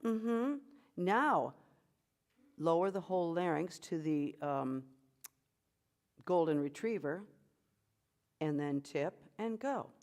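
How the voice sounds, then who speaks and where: A woman vocal coach who takes her time, leading a workshop at an unhurried pace. She cheers the group on and breaks into quick sung demonstrations of each sound. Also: lowish voice, expressive, darkish tone.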